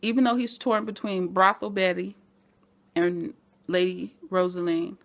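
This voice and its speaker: A woman recapping a TV episode in a casual vlog, animated and chatty, talking straight to her fellow fans. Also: fairly low pitch, a little slow, gravelly. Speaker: TV show reviewer.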